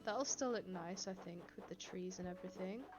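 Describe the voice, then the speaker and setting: A woman's voice: on the low side, a little fast, over music. A woman chatting casually to her live-stream chat from home, laughing often and reading viewers' comments aloud. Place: home, indoors. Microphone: desk microphone.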